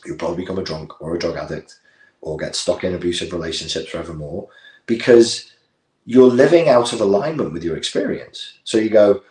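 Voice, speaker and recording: Blunt deep-voiced man in echoey room. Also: fairly quick, a little mellow. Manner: blunt, emphatic, acts out therapist-client dialogue. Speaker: life coach. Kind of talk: direct-to-camera talk.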